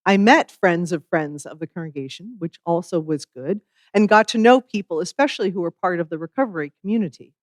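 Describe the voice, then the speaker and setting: A minister giving a sermon in a measured, reflective way, with wry asides. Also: mid-range voice, animated, dry recording, studio quality.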